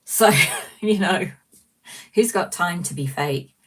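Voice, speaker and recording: Woman, low voice, slightly distant mic, small room, chatty self-mocking livestream host. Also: expressive, takes it slowly. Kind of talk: casual livestream chat reading viewer comments.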